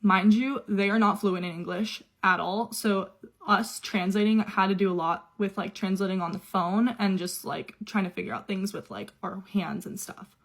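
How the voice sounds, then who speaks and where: A woman's voice: mid-range voice, steady tone, normal speed, gravelly. A young adult woman telling her own story in a casual way, chatty and run-on, with quoted dialogue.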